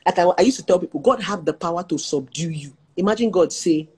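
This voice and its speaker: A woman's voice: on the low side, animated, fast, dark tone, breathy edge. A young Nigerian woman, a relationship therapist, telling stories in casual talk, laughing often and slipping into pidgin.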